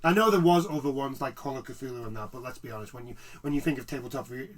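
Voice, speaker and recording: A man's voice: mid-range voice, fast talker. A man, co-hosting a casual chat podcast, talking in rambling asides. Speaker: podcast co-host. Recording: slightly distant mic.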